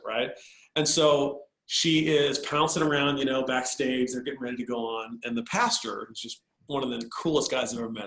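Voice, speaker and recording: A man's voice: mid-range voice, roomy sound, low-quality recording. A man, a guest on a show, telling a personal story in a casual, conversational way. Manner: animated, conversational, with fillers. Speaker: guest speaker.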